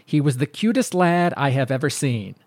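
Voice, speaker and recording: Podcast guy reading out fan mail, kinda high voice, dry close sound. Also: lively intonation, normal speed, darkish tone, no echo. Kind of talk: reading a listener email aloud.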